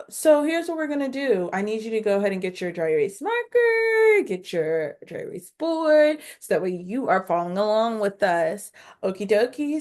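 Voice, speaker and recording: A woman teaching a phonics lesson on video, speaking directly to her learners, sounding out each syllable and encouraging them along. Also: medium pitch. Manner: slow, instructive, sounding out syllables.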